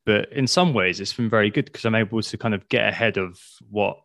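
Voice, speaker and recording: A man's voice: lowish voice, fairly quick, fairly bright tone, no echo, clean studio sound. A man hosting a podcast, chatty, jokey and emphatic. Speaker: podcast host. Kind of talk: casual podcast chat.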